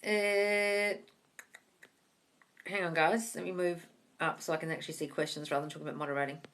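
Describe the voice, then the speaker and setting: A woman's voice: lowish voice, little pitch movement, brisk, a bit bright. A woman hosting a live manifesting Q&A, blunt and sweary, calling her listeners darling and guys. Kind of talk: blunt casual live-stream advice. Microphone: phone or webcam on a live stream.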